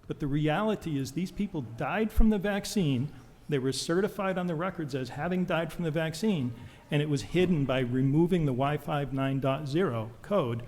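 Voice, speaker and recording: A man with a high-leaning, darkish voice gives public testimony at a legislative hearing, sounding intense and accusatory as he rattles off medical jargon. The room adds a long hall reverb.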